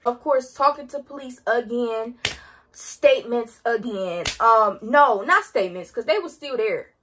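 A teenage girl vlogger telling a story in a dramatic, slangy, animated way. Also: fairly high pitch, unhurried, slight background noise. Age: teens. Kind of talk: storytime vlog.

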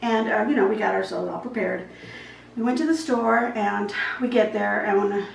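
A woman's voice: mid-range voice, steady tone, moderate pace, gravelly, far from the mic, a little hiss or hum. A woman telling a long story in a chatty, rambling way while she cooks at home. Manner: chatty, rambling with many asides. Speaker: vlogger. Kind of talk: casual storytelling while cooking. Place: home kitchen. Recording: echoey kitchen, voice from off-mic.

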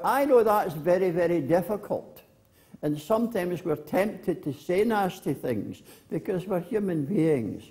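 A man, a minister, giving a gentle storytelling children's address in church. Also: a little high, creaky.

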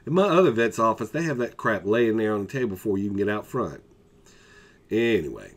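A man telling a funny anecdote in an animated, exasperated way. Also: on the low side, fairly quick. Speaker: storyteller. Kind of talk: casual anecdote.

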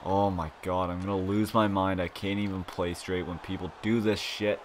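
Excitable young man commentating gameplay. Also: deep voice, normal speed, a little hiss or hum. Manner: excitable, swearing, swings from grumbling to shouting. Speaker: gaming YouTuber.

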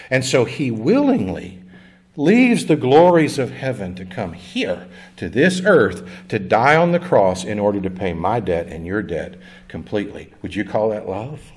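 A man's voice: lowish voice, sing-song, normal speed. A male pastor giving a conversational sermon in a church, with jokes and call-and-response with the congregation. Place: church sanctuary.

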